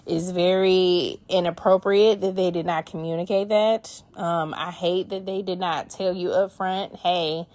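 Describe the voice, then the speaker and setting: A woman's voice: lowish voice, fairly even intonation, measured pace, hardly any pauses, a little mellow. A woman hosting a podcast, reading listener emails and giving blunt, profane, emphatic advice. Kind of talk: casual advice chat.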